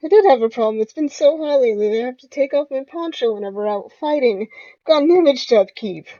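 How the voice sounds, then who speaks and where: A woman voicing a laid-back male cowboy gunslinger from a video game, reading his lines in a blunt, deadpan way. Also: high-pitched, fast, dry recording, muffled recording.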